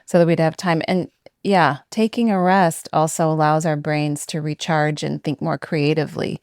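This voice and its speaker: A middle-aged woman with a lowish voice talks on a podcast, reflective and quick to giggle. The sound is close and dry. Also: steady tone, darkish tone, dry recording. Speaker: podcast co-host. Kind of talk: casual chat.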